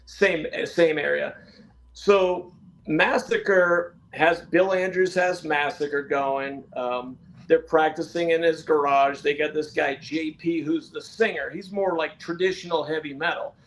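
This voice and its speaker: Man from Florida, brisk and a bit high. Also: fairly even intonation. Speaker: podcast guest. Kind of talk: casual storytelling.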